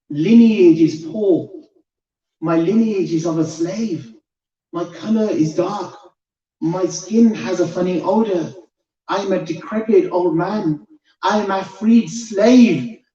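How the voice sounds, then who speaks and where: An humble, pleading old freed slave , as a male preacher puts him on, in a fairly high voice. The sound is dull and roomy, caught from far off in an echoing hall. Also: mellow. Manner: earnest, emotional retelling. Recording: echoey hall, distant dull mic.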